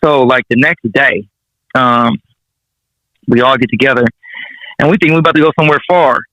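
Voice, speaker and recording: A man's voice: medium pitch, moderate pace, bright, forceful tone, no echo. A man, a rapper guest telling stories in a casual interview, slangy and profane, chuckling as he goes. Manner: laid-back, slangy and profane, chuckling through anecdotes. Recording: dull, dry sound.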